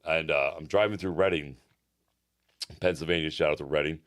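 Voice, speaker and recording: A man's voice: very deep voice, fairly even intonation, a little fast, fairly bright tone. A middle-aged man, a personal trainer co-hosting a podcast, telling rambling stories in casual chat with lots of restarts and fillers.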